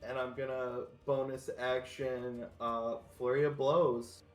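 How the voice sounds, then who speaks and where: A man's voice: mid-range voice, little pitch movement, takes it slowly, reverberant, faint music behind. A man playing a tabletop game over a voice call, brash and joking, swearing now and then. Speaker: player. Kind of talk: casual game chat. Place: online voice call.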